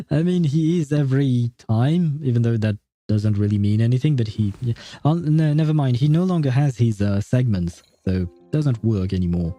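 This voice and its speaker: A man's voice: mid-range voice, lively intonation, normal speed, mellow, no room sound. A man giving casual, rambling commentary while playing a video game, laughing often. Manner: laughing, rambling, self-deprecating. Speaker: gaming streamer.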